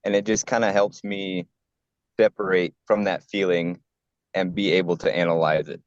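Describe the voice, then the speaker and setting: A man's voice: low voice, flat delivery, normal speed, dry recording. A man on a group call explaining his habits, hesitant and searching for words. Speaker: call participant, tradesman. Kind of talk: casual chat on a call. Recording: dull, lo-fi call audio.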